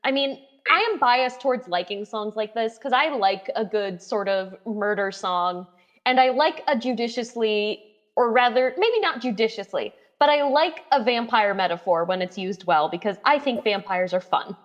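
A woman's voice: fairly high pitch, normal speed, muffled recording. A woman co-hosting a podcast, talking about songs in an articulate, slightly wry way. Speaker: podcast co-host. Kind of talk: casual music chat.

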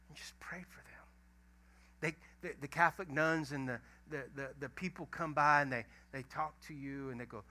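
A middle-aged pastor, preaching a sermon in a folksy storytelling way that swings from loud emphasis to a hushed near-whisper. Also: male voice, fairly high pitch, fairly quick, slight background noise.

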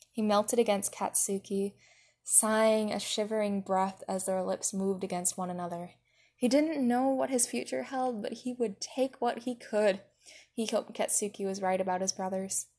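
Woman reading a story out loud, middle pitch, expressive. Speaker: reader. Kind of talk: reading fan fiction aloud.

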